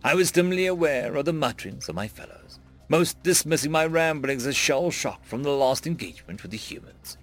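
A man's voice: lively intonation, a little fast, faint music behind. A man narrating a dramatic first-person story, raising his voice sharply for panicked lines. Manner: voices characters' panicked shouts with big pitch jumps.

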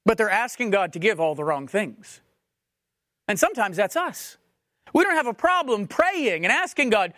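A man's voice: high voice, sing-song, normal speed, pushed and bright, no room sound, clean studio sound. A man preaching a sermon, emphatic and questioning, repeating phrases for stress. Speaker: pastor.

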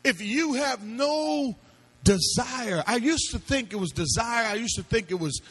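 A man's voice: very high-pitched, expressive, unhurried, fairly bright tone, husky. A male pastor preaching a sermon to a congregation, with emphatic call-and-response questions and phrases that he sings out. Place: church before a congregation.

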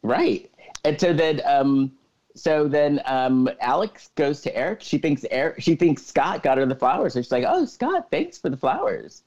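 This co-host has a mid-range, darkish voice and keeps a moderate pace as he recaps a film's story in relaxed podcast talk. He leans on "so then" over and over to string the scenes together, and the sound quality is lo-fi.

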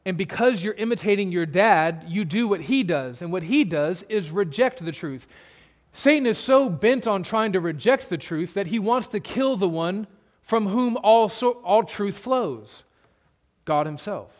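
A man's voice: high voice, animated, a little slow. A male pastor preaching an expository sermon in a conversational way, with humorous asides and points repeated for emphasis.

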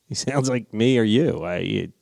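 A man's voice: lowish voice, moderate pace, vocal fry, no room sound, clean studio sound. A man with a New Orleans accent, rambling through casual podcast chat with friends. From Louisiana, USA. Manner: rambling, relaxed storyteller who swears. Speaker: podcast co-host.

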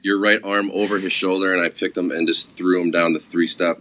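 A man's voice: deep voice, little pitch movement, fairly quick, bright, forceful tone. A man telling rambling stories in a casual conversation, laid-back, with lots of "like" and swearing. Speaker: guest, comedy club security guard.

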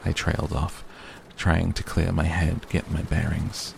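A man reading a novel aloud in steady first-person narration. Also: very deep voice, a little slow, gravelly, few pauses, background noise. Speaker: audiobook reader.

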